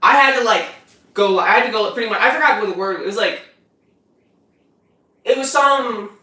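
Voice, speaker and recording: A woman's voice: on the high side, normal speed, sharp tone, reverberant, far from the mic, poor audio. A young woman with an African American English accent, chatting casually and profanely while cooking on a stream, often laughing and talking back to her chat. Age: young adult.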